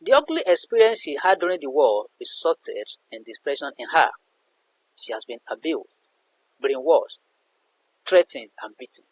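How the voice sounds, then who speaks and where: A man's voice: on the high side, sing-song, moderate pace, husky, poor audio. A man teaching a literature lesson in an emphatic way, repeating points for his students. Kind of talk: explanatory lesson narration.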